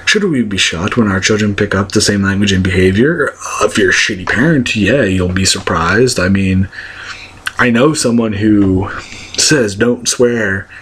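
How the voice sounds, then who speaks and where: A man's voice: fairly low pitch, moderate pace, fairly bright tone, slightly rough. A young man ranting casually to his viewers, blunt and profane, rambling with many fillers. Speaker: vlogger. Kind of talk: casual rant to camera.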